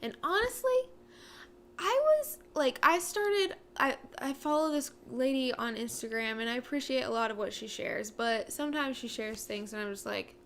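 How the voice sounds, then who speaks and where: A woman's voice: high-pitched, normal speed. Chatty earnest woman, faint hiss. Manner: earnest, animated, many fillers. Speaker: co-host. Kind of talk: casual chat.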